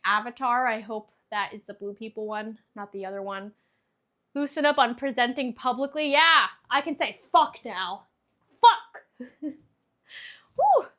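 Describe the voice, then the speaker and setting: A woman's voice: high voice, bright, forceful tone. A young woman chatting casually on a stream, reading viewer answers aloud, laughing often and swearing freely.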